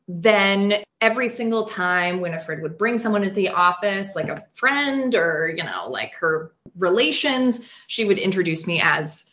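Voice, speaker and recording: A woman's voice: mid-range voice, expressive, moderate pace, hardly any pauses, fairly bright tone, muffled recording. A woman from New York, a guest on an interview, telling a story in a chatty way full of fillers and little laughs. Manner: chatty, lots of fillers, laughs into her lines. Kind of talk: casual anecdote telling.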